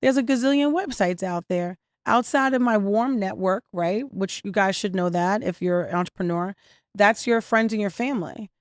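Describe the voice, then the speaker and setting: A woman who founded a restaurant tells her story in an interview, in a clear, smooth voice recorded close and dry. She is animated, acts out the people she quotes and fills pauses with "um". She talks at a middle pitch. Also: dry recording. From New York and New Jersey area. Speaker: restaurant owner and founder, guest.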